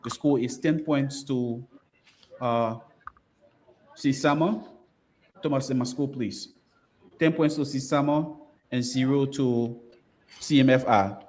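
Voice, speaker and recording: A man's voice: mid-range voice, a little slow, pauses often, a little mellow, slight background noise. A man with a Liberian English accent moderating a school quiz bowl, reading questions and repeating commands to hurry contestants.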